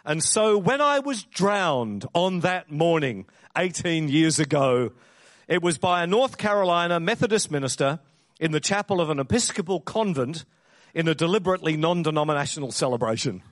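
A man preaching with a somewhat high, bright voice, telling stories with plenty of animation and acting out the people in them. He is close to the mic and the sound is dry, with almost no room echo. The delivery shifts between easy, chatty stretches and punchy lines. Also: moderate pace. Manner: animated storyteller who acts out the voices. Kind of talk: sermon storytelling.

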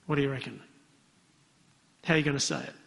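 A man's voice: medium pitch, very animated, quick pace, gravelly, fairly bright tone. A man preaching a sermon, talking conversationally and putting questions to the congregation. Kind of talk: interactive sermon. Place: church hall. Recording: long hall reverb.

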